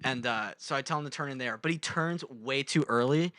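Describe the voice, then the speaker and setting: A man's voice: mid-range voice, fairly quick, a bit bright, no room sound. A young man co-hosting a podcast, telling a rambling story in casual chat, swearing and acting out the voices of the people in it. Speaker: podcast co-host.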